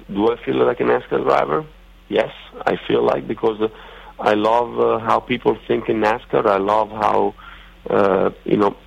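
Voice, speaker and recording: A man with an Italian accent, a racing driver guest on a radio interview, talking haltingly with many fillers and restarts. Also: on the low side, gravelly. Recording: dull lo-fi radio audio.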